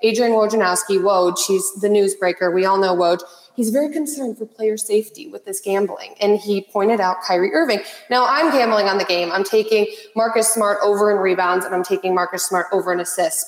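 A woman's voice: medium pitch, fairly even intonation, fairly quick. A chatty woman host talks sports and fires questions at her guest, with a dry, sarcastic edge at times. Her voice sits in an echoey room, and a long reverb trails each phrase. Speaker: sports talk show host. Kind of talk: casual sports talk, asking questions.

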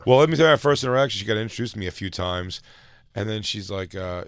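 A man's voice: fairly low pitch, animated, fast talker, fairly bright tone, clean tone, no room sound, studio quality. A man hosting a comedy talk show, telling stories in crude, brash banter and laughing often. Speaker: podcast host.

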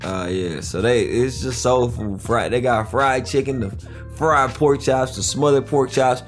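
A football player telling stories in a relaxed, amused way during a casual interview. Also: male voice, mid-range voice, measured pace, soft background music. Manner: easygoing, storytelling, amused.

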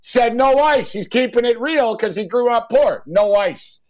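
A man's voice: very high-pitched, a little slow, a crowd in the background, low-quality recording. A man hosting a sports talk show, joking and acting out quotes in casual chat. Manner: animated, joking, acts out quotes.

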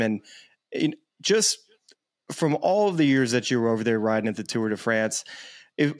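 A man's voice: medium pitch, no echo, studio quality. A young man hosting a podcast, asking long rambling questions in a casual, easygoing way. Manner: rambling, loose questions, laughs easily. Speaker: podcast host. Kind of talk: casual interview chat.

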